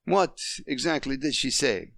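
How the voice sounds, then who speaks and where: A man's voice: mid-range voice, lively intonation, measured pace, creaky, a bit bright, dry recording, clean studio sound, voice pushed up. A man voicing a stubborn, domineering French husband past fifty who speaks sternly and commands.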